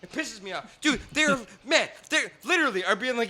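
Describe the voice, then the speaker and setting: A young man, talking on a podcast in a fairly high, very bright and cutting voice. He rants loudly and swears freely, slipping into mocking impressions of other people. The tone is casual, animated and heated. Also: moderate pace. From Canada. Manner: profane, ranting, mimics others in put-on voices. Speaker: podcast guest.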